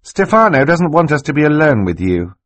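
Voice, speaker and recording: A man's voice: a little high, very animated, fairly quick, a bit bright, dry recording, pitched above the performer's own voice. A man reading an audiobook voices a determined, earnest teenage girl in an urgent, pleading way.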